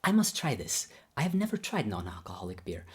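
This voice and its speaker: A man voicing a gracious older male piano teacher with a foreign accent, speaking in a formal, deliberate way. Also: lowish voice, huge pitch swings, slightly rough, full character voice.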